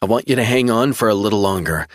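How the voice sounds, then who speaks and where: A man voicing a calm, reassuring woman in an audiobook, speaking in steady promises. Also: lowish voice, fast, dry recording, clean studio sound, natural voice.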